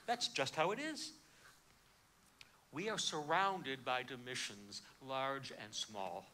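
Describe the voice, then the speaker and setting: A man preaching a sermon, emphatic, swinging between hushed and loud delivery. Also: medium pitch, measured pace.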